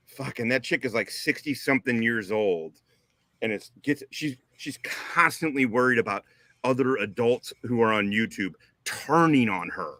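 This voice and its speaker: A man's voice: medium pitch, moderate pace, sharp tone. A man hosting a live stream in casual chat, crude and combative, swearing freely. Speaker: podcast host.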